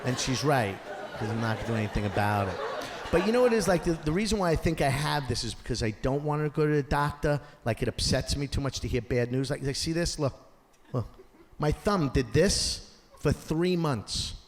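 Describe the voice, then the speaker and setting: A man doing a stand-up comedy set on a theater stage, acting out characters and shouting his punchlines. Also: medium pitch, animated, brisk. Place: theater stage before a live audience. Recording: roomy hall sound with audience noise. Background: audience laughter.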